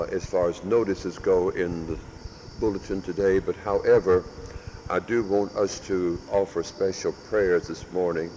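A man preaching as a parish priest, measured and emphatic, stressing and repeating key words. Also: sits low, a little mellow, lo-fi sound. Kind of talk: sermon with announcements. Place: large church with long reverb. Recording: echoey church hall with faint background noise.

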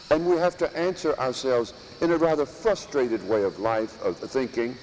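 A priest preaching a sermon in slow, emphatic phrases, with long pauses and pointed rhetorical questions. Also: male voice, medium pitch, sing-song, a little mellow, big-room sound, a little hiss or hum, low-quality recording. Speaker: priest teaching at a monastery. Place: church or monastery chapel.

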